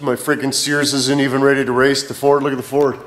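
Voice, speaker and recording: A young man vlogging outdoors on a handheld camera, rambling and joking loudly with plenty of slang and swearing. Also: mid-range voice, level tone, fairly quick, a little hiss or hum. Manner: loud, profane, joking banter with lots of slang. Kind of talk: casual rambling vlog chat.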